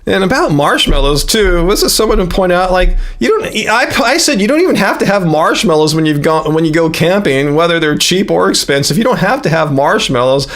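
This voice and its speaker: A man in his fifties chats loosely to his livestream viewers. His voice sits fairly high, and he rambles along with lots of fillers and restarted sentences. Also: sing-song, fairly quick, few pauses, a bit bright. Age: 50s. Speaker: livestream host. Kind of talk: casual livestream chat.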